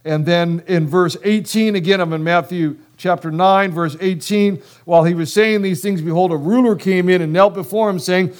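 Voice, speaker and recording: Male pastor, fairly high voice, chatty animated sermon full of acted-out dialogue. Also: clean tone. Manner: casual slang, quick bursts.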